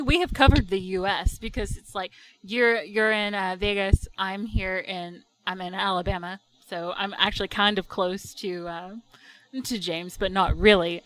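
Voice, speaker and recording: A woman's voice: medium pitch, moderate pace, rough recording. A woman co-hosting a casual podcast chat, giggling often and rambling through many fillers. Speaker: podcast co-host.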